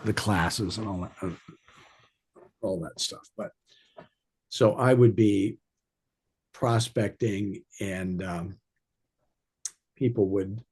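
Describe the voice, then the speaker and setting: A man with a low, mellow, slightly husky voice gives an informal sales training talk. He rambles through anecdotes and drops wry jokes along the way. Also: takes it slowly, long pauses. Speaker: real estate sales coach.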